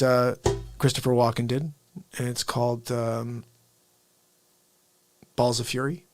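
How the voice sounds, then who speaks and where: A man hosting a casual livestream, telling movie stories excitedly, laughing often and acting out lines. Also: medium pitch, moderate pace, dry recording. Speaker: livestream host.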